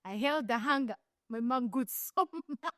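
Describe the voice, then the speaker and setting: A woman's voice: on the high side, a little slow, no echo, studio quality. Easygoing young Ugandan woman. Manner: relaxed, frank, sprinkled with "you know". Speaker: podcast co-host. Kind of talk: casual storytelling chat.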